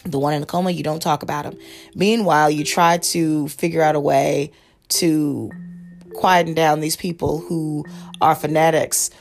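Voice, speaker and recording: A woman with a notably low voice talks through a TV series on her podcast, rambling and correcting herself as she goes. Faint music plays underneath. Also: steady tone, moderate pace, creaky. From United States. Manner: rambling, lots of fillers and self-corrections. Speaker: podcast host. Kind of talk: casual rambling review.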